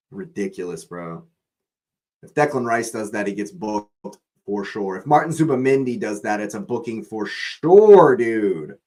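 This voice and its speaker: Angry swearing football watch-along ranter. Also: male voice, lowish voice, lively intonation, a little slow, a little mellow, poor audio. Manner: angry ranting, swearing, repeats himself. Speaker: live watch-along host.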